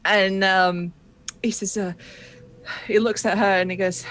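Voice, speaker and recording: A woman's voice: medium pitch, fairly even intonation, unhurried, long pauses, a bit bright, a little hiss or hum. Woman running a tabletop game. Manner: casual, self-deprecating, swearing freely. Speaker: game master.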